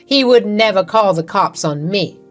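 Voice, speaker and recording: A woman narrating a first-person drama story in an even, matter-of-fact reading. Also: mid-range voice, normal speed, soft background music.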